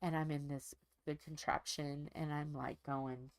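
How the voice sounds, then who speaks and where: A woman's voice: deep voice, flat delivery, unhurried, few pauses, clean tone, no echo. A woman hosting a diamond painting channel, chatting casually while she crafts and telling a rambling, folksy story from home.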